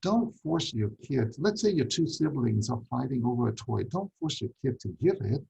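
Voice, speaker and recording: Lively, gravelly-voiced man teaching. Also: mid-range voice, moderate pace, hardly any pauses, poor audio. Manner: emphatic, repeats key points, asks rhetorical questions. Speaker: ministry teacher. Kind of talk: teaching talk on parenting.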